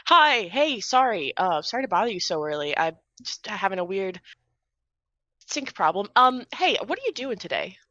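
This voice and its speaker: A woman's voice: medium pitch, very animated, pushed and bright, no echo. A woman playing a flustered sister. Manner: rushed, flustered, apologetic. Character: flustered adult sister, apologetic. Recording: dull muffled sound.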